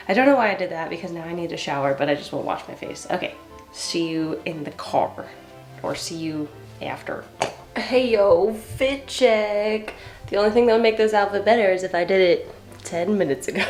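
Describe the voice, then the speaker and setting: A woman's voice: mid-range voice, a little mellow, echoey room. A woman in her thirties chatting casually in a get-ready-with-me vlog, rambling and poking fun at herself while she gets ready at home. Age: 30s. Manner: chatty, self-mocking, rambling. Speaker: vlogger and kitten foster.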